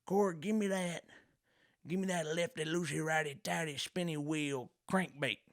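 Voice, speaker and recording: Male comic doing a pushy redneck angler, pitched way up, yelling silly bait names. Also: steady tone, natural voice. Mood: demanding. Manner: barking rapid nonsense bait names. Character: loud mocking rural male fishing buddy.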